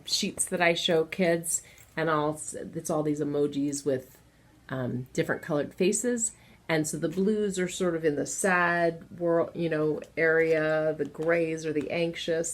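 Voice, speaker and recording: A woman with a notably low voice talks parents through helping their children, casual and unscripted. She sounds earnest and encouraging, middle-aged, and keeps coming back to specific examples. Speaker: children's educator advising parents. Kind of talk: casual advice talk to parents.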